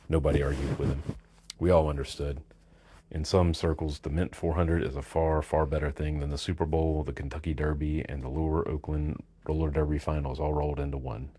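Male audiobook narrator, wry, very low and dark voice, dry close sound. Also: slightly rough, no echo. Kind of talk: first-person literary narration.

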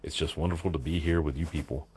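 A man's voice: very deep voice, fairly even intonation, quick pace, background noise. A man voicing a rowdy, drunk middle-aged biker who rambles profanely. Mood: boozy rambling.

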